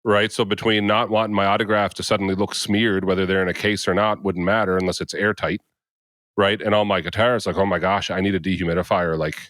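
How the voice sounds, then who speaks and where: A man's voice: lowish voice, fairly even intonation, fairly quick, fairly bright tone, dry recording. A man co-hosting a casual podcast chat, telling a rambling story with lots of restarts. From Canada. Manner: rambling, self-interrupting storyteller. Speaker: podcast co-host.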